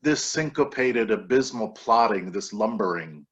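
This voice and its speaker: A man's voice: on the low side, lively intonation, unhurried. A man voicing a philosophical talking bird that lectures a man in a musing, slightly scolding way, heard over dull video-call audio.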